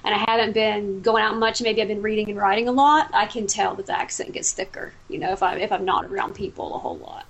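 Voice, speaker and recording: A Southern American woman, a guest in a casual interview, speaks fast in a mid-range, creaky voice with hardly any pauses. She tells stories in a chatty, warm way, frequently restarting her sentences.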